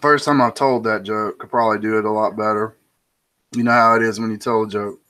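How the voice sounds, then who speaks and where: Low-voiced man rambling through a joke. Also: fairly even intonation, brisk, sharp tone. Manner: rambling, with restarts and self-commentary. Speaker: host. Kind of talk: casual monologue telling a joke.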